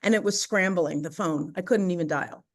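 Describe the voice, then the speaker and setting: A woman as a podcast guest, telling a personal story in animated, chatty conversation with frequent fillers. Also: lowish voice, normal speed. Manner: animated, chatty, laughs often, many "you know" and "right?" fillers.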